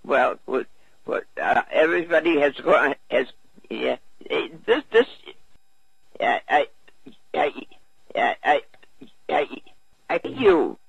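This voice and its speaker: A man's voice: on the high side, expressive, gravelly, breathy edge, dry recording, full character voice. A man doing the voice of a confused, rambling elderly woman on a prank phone call, stammering and repeating himself. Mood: muddled. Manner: repetitive, halting, stammering. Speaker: prank caller. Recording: tinny phone line.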